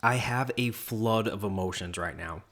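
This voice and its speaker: A man's voice: on the low side, normal speed, fairly bright tone. A man reading online advice posts aloud and adding earnest comments that speak straight to the poster. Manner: earnest, advising the poster directly. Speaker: Reddit story reader.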